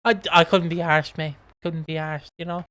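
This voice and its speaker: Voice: mid-range voice, flat delivery, moderate pace, fairly bright tone. A co-host of a casual podcast, rambling through a recap with frequent swearing and laughter. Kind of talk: casual chat, recapping a soap.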